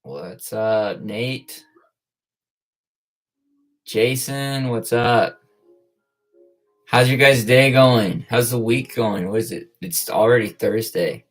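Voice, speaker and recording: A man's voice: mid-range voice, slow pace, long pauses, faint music behind. A man hosting a casual live stream, greeting viewers one by one and talking in a loose, easygoing way with plenty of "like" and "uh". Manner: laid-back, greets viewers by name, lots of "like" and "uh". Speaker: livestream host. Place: at school.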